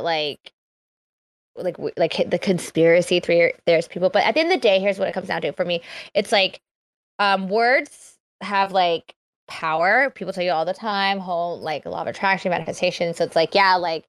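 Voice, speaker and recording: Energetic fast-talking woman comedian. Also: medium pitch, clear, resonant tone, dry recording. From Filipino heritage. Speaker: comedian guest. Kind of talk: casual chat. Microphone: phone.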